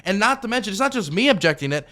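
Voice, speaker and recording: Brief: male streamer with a bright, slightly high voice, rebutting a video in a loose, argumentative way. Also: sing-song, rapid-fire. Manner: argumentative, rebutting with repeated objections; loose, full of fillers and restarts. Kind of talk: commentary.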